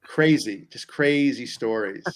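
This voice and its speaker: A man's voice: medium pitch, a little slow. A man, a comedian guest, telling stories about himself in a rambling, self-deprecating, anxious way. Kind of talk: casual comic storytelling.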